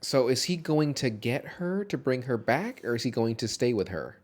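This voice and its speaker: A man's voice: medium pitch, animated, normal speed. Loose, profane male podcast co-host. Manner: loose, profane, laughs often. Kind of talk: casual movie discussion podcast.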